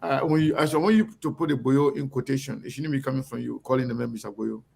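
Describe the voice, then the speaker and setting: A man's voice: medium pitch, fairly even intonation, fast, creaky, a little mellow, husky. A man co-hosting a talk show, who jumps in and insists on his point. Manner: insistent, interrupting. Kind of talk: quick interjecting talk show chat.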